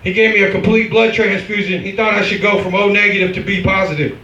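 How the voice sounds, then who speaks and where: A brash man from the Midwest working through an open mic stand-up set, his voice high and bright. He is heard from far off in an echoey bar with faint room noise. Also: fairly even intonation, fast, dull audio. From American Midwest. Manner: brash, punchline-driven delivery. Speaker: stand-up comedian.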